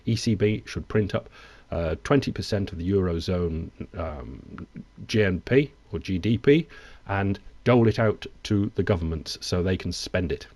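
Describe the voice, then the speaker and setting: Deep-voiced man reading the news wryly. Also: moderate pace, a little mellow, dry recording. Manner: wry, digressive, mixes reading with asides. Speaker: news commentator. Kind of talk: reading and commenting on news articles.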